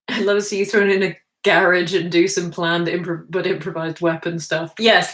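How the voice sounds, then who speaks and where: A woman with a lowish, slightly bright voice hosts a livestream from the floor of an indoor room, chatting casually and reading chat messages aloud. She pokes fun at herself and laughs a lot, and the recording carries a roomy echo.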